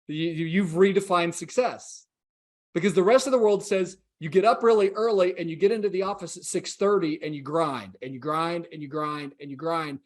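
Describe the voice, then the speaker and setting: A man's voice: fairly high pitch, moderate pace. A man in his forties, a podcast guest telling his story in an earnest, reflective way and acting out the dialogue he quotes. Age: 40s.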